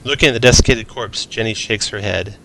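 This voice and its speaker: A man's voice: on the low side, brisk, creaky, fairly bright tone, slight background noise. A man narrating as game master of a tabletop role-playing game, mixing descriptive narration with casual asides.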